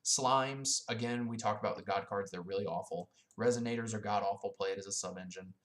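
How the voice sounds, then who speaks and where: A man's voice: fairly low pitch, fairly quick, a bit bright. A young man giving blunt, profane, casual commentary on his own, dismissive and full of filler ums. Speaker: YouTuber ranking card game decks.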